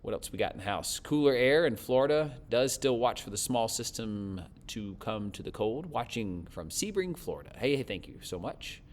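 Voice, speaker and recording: A man forecasting the weather and chatting warmly as he reads out viewer comments. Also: mid-range voice, expressive, moderate pace, few pauses, slight background noise. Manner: friendly, chatty, thanks viewers often.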